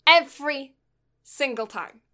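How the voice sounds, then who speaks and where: Bright-voiced rambling young woman. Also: high-pitched, takes it slowly. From Britain. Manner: rambling storyteller, animated and exasperated, many fillers. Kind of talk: casual chat.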